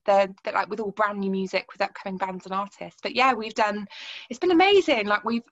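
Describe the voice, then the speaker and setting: A woman's voice: medium pitch, fairly even intonation, fairly quick, a bit bright, lo-fi sound. A woman with a Wiltshire accent, a guest on a podcast, chatting casually and laughing easily. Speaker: podcast guest and radio presenter. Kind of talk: casual chat.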